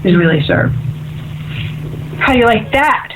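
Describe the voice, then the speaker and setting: A woman's voice: on the high side, animated, a little slow, background noise. A woman hosting a call-in spiritual radio show as an intuitive medium, talking in an upbeat, chatty way and often asking "right?". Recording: tinny phone-like radio audio.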